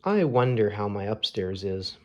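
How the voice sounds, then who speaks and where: A man voicing a gentle, earnest, sentimental male owl from a children's storybook, speaking in simple, sincere sentences. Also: fairly low pitch, big pitch swings, unhurried. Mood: puzzled.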